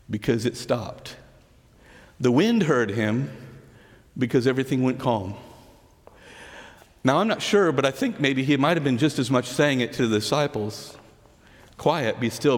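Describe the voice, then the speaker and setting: A man preaching a sermon, telling the story earnestly and dropping to soft, hushed words on key lines. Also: mid-range voice. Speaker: pastor. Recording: long hall reverb.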